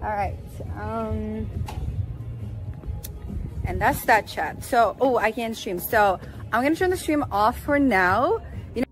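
A woman's voice: fairly high pitch, animated, slow pace, long pauses, soft background music. A woman content creator chatting in a friendly way with someone she just met. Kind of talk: casual chat.

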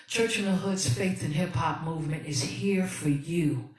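A woman's voice: sits low, normal speed. A woman pastor hosting a livestreamed sermon, soulful and encouraging, calling out to her viewers in street-slang church talk. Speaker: pastor and host of a livestream ministry. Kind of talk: livestreamed sermon and music ministry. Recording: echoey room, voice from a distance, music playing. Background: music playing.

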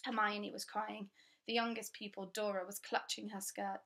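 A woman reading a children's story aloud with clear, steady, expressive storytelling. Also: mid-range voice, normal speed. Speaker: audiobook reader.

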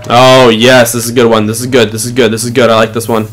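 A young man commentating his own online shooter match, muttering low, then swearing and yelling at teammates in frustration. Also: level tone, fast, slight background noise. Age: young adult. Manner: swings between muttering and shouting in frustration, swears a lot. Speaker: gaming channel host. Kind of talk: live gameplay commentary.

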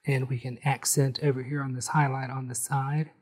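Guy teaching painting step by step, easygoing and friendly, medium pitched voice. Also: little pitch movement, husky. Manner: friendly, unhurried, explains each brushstroke as he works. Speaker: painting instructor.

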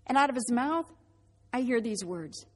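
A middle-aged woman telling her personal faith testimony as a vivid storyteller, acting out the dialogue and dropping to a hushed voice at reflective moments. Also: on the high side, expressive, moderate pace. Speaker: speaker giving a faith testimony.

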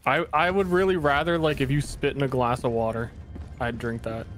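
A man streaming a game with friends, cracking deadpan, absurd jokes in casual chat. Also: mid-range voice, brisk, a little hiss or hum.

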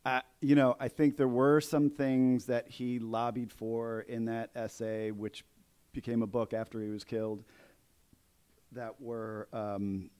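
A man's voice: medium pitch, flat delivery, measured pace, warm tone, clean tone. A man, an author being interviewed at a live bookstore event, speaking hesitantly with frequent restarts. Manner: hesitant, many restarts and fillers. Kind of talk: conversational book interview.

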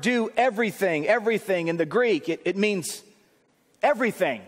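High-voiced man preaching in an echoing church. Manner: conversational preaching, rising to emphatic shouts. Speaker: pastor. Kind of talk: sermon.

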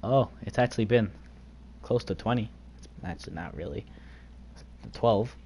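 A man's voice: lowish voice, a little mellow, a little hiss or hum. Young male streamer, joking banter. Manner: joking, rapid banter with friends. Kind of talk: casual gaming livestream chat.

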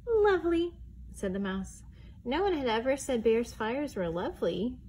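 A woman reading a picture book aloud to preschoolers, expressive and pausing to ask the children questions. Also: on the high side, slight background noise. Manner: expressive, asks the young listeners questions. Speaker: children's storytime reader.

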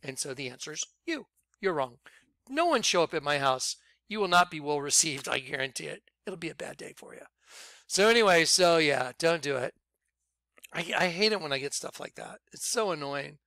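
Bright, crisp-voiced man preaching. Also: a little high, normal speed, no echo, studio quality. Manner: animated, laughing, swinging between loud and quiet. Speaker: ministry leader. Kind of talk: informal preaching monologue.

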